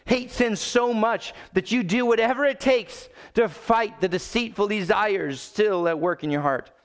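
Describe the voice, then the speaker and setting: A male pastor preaching a sermon, swinging between loud urgent pleading and low, quiet emphasis. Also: measured pace, clean tone.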